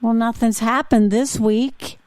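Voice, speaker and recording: A woman's voice: on the high side, fairly even intonation, measured pace, a little mellow, no room sound, studio quality, voice pushed up, natural voice. A woman playing a glum, mopey man. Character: glum man who keeps inheriting money.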